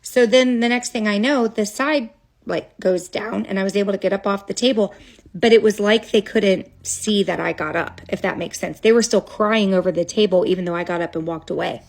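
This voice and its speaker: A woman's voice: mid-range voice, fairly quick. A woman telling a childhood story straight to a phone camera, casual and dramatic, with chatty asides.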